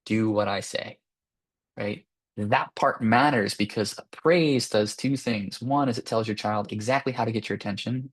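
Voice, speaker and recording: A man, a psychologist, gives an informal lecture to parents in a conversational way, often tagging sentences with "right?". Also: mid-range voice. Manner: conversational, with frequent tag questions and fillers. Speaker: clinical psychologist presenting to parents.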